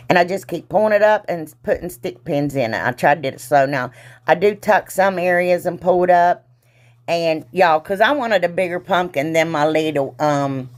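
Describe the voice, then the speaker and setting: A woman hosting a crafting tutorial in chatty voice-over, rambling and teasing herself, often trailing off with a giggle and calling her viewers "y'all.". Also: deep voice. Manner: loose and giggly, trails off mid-sentence. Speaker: craft channel host.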